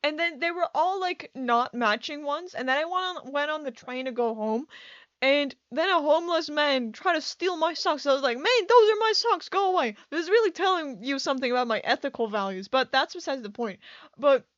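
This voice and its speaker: High-voiced rambling woman, dry and muffled. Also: fairly quick, fairly bright tone, dry recording. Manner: rambling and scattered, with frequent restarts and laughter. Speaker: video creator. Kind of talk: casual voice-over over a building video.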